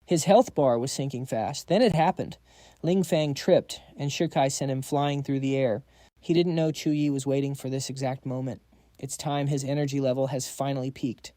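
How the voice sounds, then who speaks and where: A man's voice: medium pitch, fairly even intonation, normal speed, warm tone, dry recording. A man narrating a fantasy comic recap in a dramatic, scripted storytelling style.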